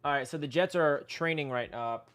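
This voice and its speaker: A young man from the United States hosting a casual live stream, chatty and rambling, answering viewers and now and then breaking into excited yells. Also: on the high side, fairly quick, clean tone, no room sound. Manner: excitable, rambling, bursts into yelling.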